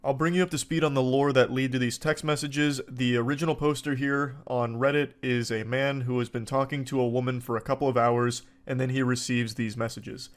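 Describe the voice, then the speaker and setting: Man, mid-pitched, dry sarcastic reader of online posts, incredulous asides. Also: steady tone, fairly quick, hardly any pauses. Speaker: commentator reading online posts. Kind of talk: sarcastic reaction commentary.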